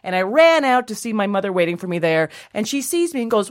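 Casting: woman, comic storyteller, animated, acts out voices. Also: medium pitch, quick pace, few pauses.

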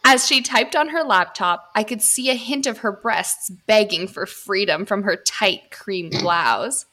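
A young woman reads a steamy story aloud for her podcast, her voice bright and crisp in tone. She is giggly and playful, ready to stop mid-line and laugh at the text. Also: mid-range voice, a little slow.

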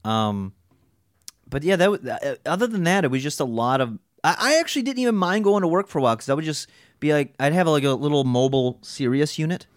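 A man in casual podcast chat, spinning an animated story and jumping into other people's voices to act them out. His voice sits a bit high, and he swears freely. The sound is dry and close, with no room echo. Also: quick pace, smooth.

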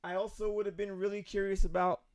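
Animated man laughing through casual chat. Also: high voice, a little fast, no room sound, clean studio sound.

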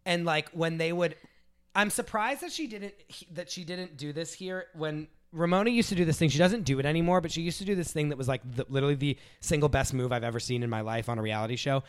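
A man's voice: fairly high pitch, fast talker, smooth. A man hosting a casual podcast, rambling and filling his talk with "like" as he recounts reality TV moments. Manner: rambling, says "like" a lot. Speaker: podcast host. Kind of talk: casual chat, reenacting reality TV scenes.

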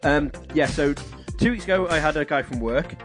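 A man's voice: on the high side, normal speed, music in the background. A man hosting a podcast in casual chat, joking and laughing often. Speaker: podcast host.

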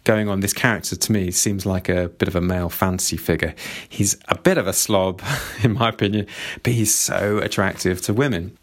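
Man, lowish voice, casual book review, reads passages aloud, chatty, asks listeners for opinions. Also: fairly even intonation, fairly quick.

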